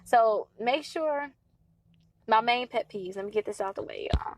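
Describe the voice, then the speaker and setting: A woman's voice: fairly high pitch, a little slow, background noise. A woman in her thirties coaching on credit repair in a casual, chatty talk to her followers, pleading and emphatic. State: stuffy nose from allergies.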